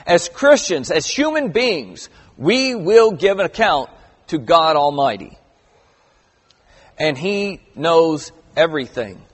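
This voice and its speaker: A middle-aged man delivers a sermon with a rather high voice, easygoing yet stressing key phrases hard as he reads scripture aloud. His voice carries a long reverb, as if in a large hall. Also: very animated, slow pace, husky. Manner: conversational preaching with emphatic stresses and scripture reading. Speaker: pastor.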